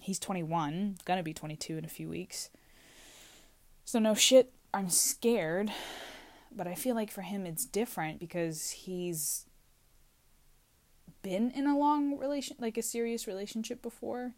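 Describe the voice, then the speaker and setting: A woman's voice: mid-range voice, a little slow, pauses often, a little mellow. Anxious young woman rambling in a closet. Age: 20s. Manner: rambling, anxious, self-questioning. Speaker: vlogger. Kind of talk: casual confessional vlog.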